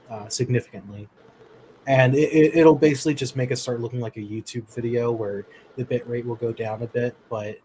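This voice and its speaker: A man's voice: medium pitch, a little hiss or hum, low-quality recording. Chatty man on a livestream. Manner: relaxed, chatty, loose with fillers and restarts. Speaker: livestream co-host. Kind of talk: casual livestream chat.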